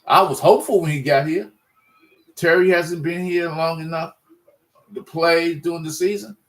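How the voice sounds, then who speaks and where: A sports fan vlogger rants in a casual monologue, his voice on the high side and a bit bright, at a moderate pace on a low-quality recording. Frustrated and rambling, he often restarts his sentences.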